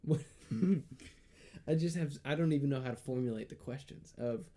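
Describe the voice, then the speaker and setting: A man's voice: medium pitch, normal speed. A man co-hosting a comedy podcast in casual chat, rambling and laughing often. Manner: rambling, laughs often, acts out his thoughts in a hushed voice. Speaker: podcast co-host.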